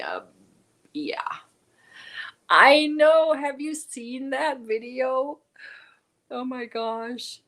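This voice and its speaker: Lady chatting on her craft stream at home, saying hi to everybody. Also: mid-range voice. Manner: chatty, greets viewers by name, warm thanks. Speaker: livestream host. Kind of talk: casual chat reading live comments.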